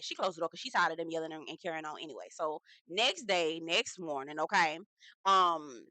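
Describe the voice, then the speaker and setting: A woman's voice: fairly low pitch, moderate pace, bright, forceful tone, no room sound, low-quality recording. A young woman, hosting a casual, chatty reality TV recap and slipping into the cast's voices. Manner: chatty, sassy, slangy storyteller acting out quotes.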